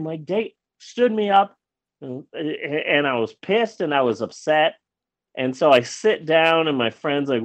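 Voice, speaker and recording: A man with a fairly high voice tells a personal story in a loose, animated way. He trips over his words, repeats himself and swears freely, and the recording sounds a little dull and lo-fi. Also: measured pace. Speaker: guest telling a personal story. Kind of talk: casual anecdote.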